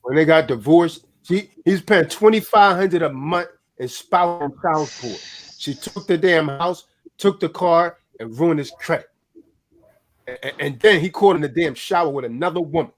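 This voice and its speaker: A man's voice: on the high side, normal speed. A man hosting a casual chat, telling stories in an emphatic, blunt way with plenty of swearing. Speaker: host.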